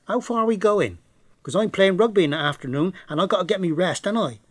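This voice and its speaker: A man voicing a brash, mocking woman with a West Country accent, loud, cheeky and sarcastic. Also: high-pitched, animated, fast talker, dry recording, clean studio sound. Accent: West Country English.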